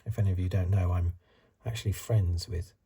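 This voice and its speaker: A middle-aged man hosting a soft-spoken ASMR card review, rambling in asides and drifting into whispers, recorded close to the mic. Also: low voice, fairly even intonation, fairly quick, vocal fry, breathy edge. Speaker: ASMR channel host.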